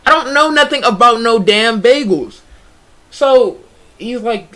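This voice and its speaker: High-voiced young man telling a casual story. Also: unhurried. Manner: animated, slangy, frequent restarts and "bruh". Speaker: streamer.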